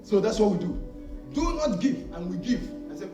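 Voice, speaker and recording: Man, preacher, high voice, call-and-response sermon, very echoey hall, faint music. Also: a little fast. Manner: call-and-response preaching, asks "what?" for the crowd to fill in; animated, swings from loud to soft, acts out little scenes. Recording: echoey hall, far from the mic.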